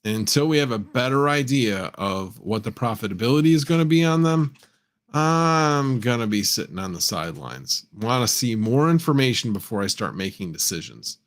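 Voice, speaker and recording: A man's voice: mid-range voice, expressive, normal speed. A man hosting a casual livestream, rambling and correcting himself, often chuckling and answering viewers' chat. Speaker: livestream host.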